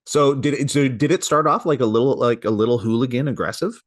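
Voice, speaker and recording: A man co-hosting a podcast, chatting in a relaxed, joking way and reacting with quick asides. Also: medium pitch, dry recording, studio quality. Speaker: podcast co-host. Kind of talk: casual podcast chat.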